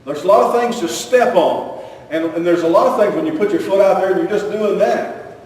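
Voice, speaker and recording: A man with a fairly high voice preaches a folksy, rambling sermon, circling back over his own phrases and chuckling often. He sounds far from the microphone, and his voice rings through a big echoing church hall with a long reverb tail. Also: a little fast, a little mellow. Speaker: pastor. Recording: echoey hall, mic far off.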